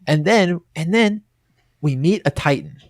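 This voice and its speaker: A man's voice: a little high, animated, unhurried, no room sound, studio quality. A man co-hosting a podcast, recapping a movie in rambling, crude, casual chat full of fillers and restarts. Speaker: podcast co-host.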